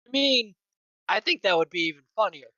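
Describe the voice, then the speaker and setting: A woman's voice: mid-range voice, expressive, brisk, pushed and bright, dry recording, highs cut off. A woman player in a tabletop game, rambling playfully with many filler words. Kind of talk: casual tabletop play.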